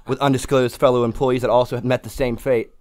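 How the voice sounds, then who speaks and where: A man's voice: mid-range voice, level tone, brisk, a little mellow. A man talking as a guest on a podcast, crude and rambling, laughing often. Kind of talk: casual podcast chat.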